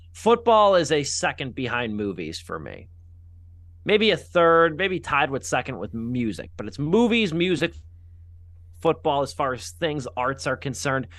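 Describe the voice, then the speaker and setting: A man's voice: fairly high pitch, a bit bright, no echo. A man hosting a casual movie podcast, chatty and rambling, with self-deprecating jokes and the odd swear word. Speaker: podcast host.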